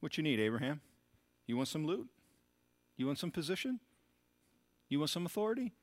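A man's voice: on the high side, sing-song, a little fast, no room sound, pitched above the performer's own voice. A man voicing a sly male devil who tempts with offers, in a coaxing, bargaining manner.

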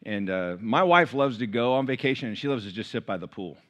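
A man's voice: mid-range voice, expressive, fairly quick, a bit bright, muffled recording. A middle-aged man preaching a sermon as pastor, telling stories with quoted dialogue and asides to the congregation.

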